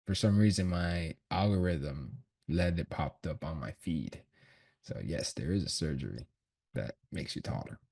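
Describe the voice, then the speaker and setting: Low husky man chatting casually. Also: darkish tone. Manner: slangy, swears, laughs often, thinks aloud. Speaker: trader streaming his chart analysis. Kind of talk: casual livestream chat. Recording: voice from a distant mic.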